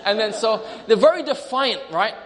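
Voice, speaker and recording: A man's voice: sits high, expressive, moderate pace, long reverb tail. A male preacher delivering a sermon, storytelling through a vivid imagined scene.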